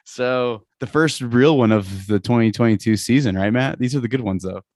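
A man's voice: mid-range voice, normal speed, darkish tone, no room sound, studio quality. A young man hosting a casual fantasy football podcast, chatty and rambling, laughing often. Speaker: podcast host.

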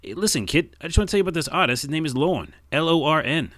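A man's voice: on the high side, expressive, a bit bright, no echo, studio quality, pitched above the performer's own voice. A man putting on a brash old-timey tough guy. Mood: bossy. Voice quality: brash, bossy, fast-talking. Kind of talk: comic bit on a podcast.

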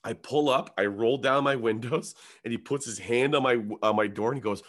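Speaking fairly quickly with few pauses, a medium-pitched man, a comedian guest, recounts a long story in casual conversation. His manner is animated, he swears a lot, and he performs the other people's voices.

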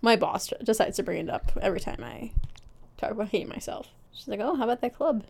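A woman's voice: fairly high pitch, expressive, fast talker, creaky, a little mellow, breathy edge. A young adult woman co-hosting a podcast, telling rambling, self-deprecating stories in casual chat. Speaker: podcast co-host.

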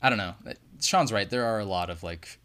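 A man's voice: fairly low pitch, brisk, a bit bright, clean tone. A man co-hosting a podcast in casual chat, rambling and swearing as he goes. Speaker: podcast co-host.

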